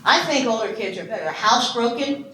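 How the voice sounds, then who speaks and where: A woman in her sixties from Ohio giving an animated, humorous keynote talk on adoption and quizzing her audience. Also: on the high side, brisk. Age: 60s. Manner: animated, chatty, self-deprecating humor. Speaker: conference speaker on foster care and adoption. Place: conference hall. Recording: echoey room with faint noise.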